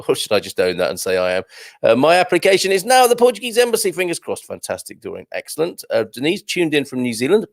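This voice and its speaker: A man's voice: a little high, wildly swooping pitch, quick pace, vocal fry, no echo, clean studio sound. Chatty, giggly male live-stream host. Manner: chatty and playful, giggles often, self-deprecating asides. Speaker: host of a live morning show. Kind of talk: casual live-stream chat reading out viewer comments. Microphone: headphones and studio mic.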